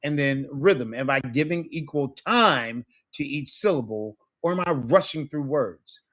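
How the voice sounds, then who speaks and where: A man's voice: mid-range voice, expressive, a little slow, fairly bright tone. A man teaching a language class, explaining patiently and checking in with his students often. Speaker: Spanish teacher. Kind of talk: online class lesson.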